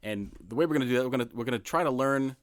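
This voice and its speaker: A male podcast co-host who talks in an easygoing, joking way and restarts his phrases. His voice has a mid pitch. The sound is dry and close to the mic. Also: rapid-fire, dry recording. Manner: easygoing, joking, repeats words. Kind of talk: casual chat.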